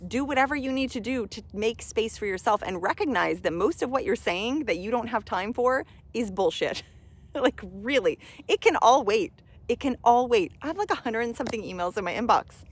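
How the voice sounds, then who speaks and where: A woman's voice: fairly high pitch, animated, brisk. A woman coaching listeners in a casual motivational talk, earnest and often saying "like", rising to emphatic urging. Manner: earnest, says "like" often, gets emphatic and loud. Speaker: spiritual self-love coach.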